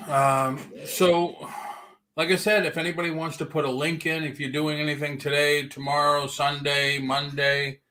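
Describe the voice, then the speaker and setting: A man with a fairly high voice and a bright, forceful tone hosts a casual livestream chat from home, joking around and reading viewer comments aloud as he talks. His delivery is flat and moderately paced, and there's a little hiss or hum in the audio.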